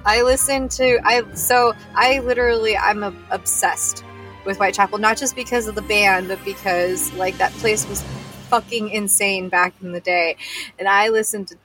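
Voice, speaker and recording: A woman's voice: mid-range voice, fairly even intonation, moderate pace, a bit bright, soft background music, poor audio. A woman running a tabletop game as game master, chatty and giggly with casual swearing.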